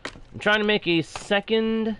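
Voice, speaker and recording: This man streams a block-building game in a Texan-sounding drawl, talking viewers through each building step and reading their messages out. He sounds high, steady and a bit bright, going a little slowly, with a slight hiss or hum.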